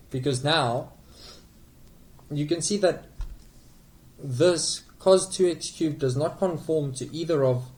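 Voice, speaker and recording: Over a rough recording, a calculus tutor with a mid-range, darkish voice explains things patiently, one step at a time. He says okay often and corrects himself in small ways.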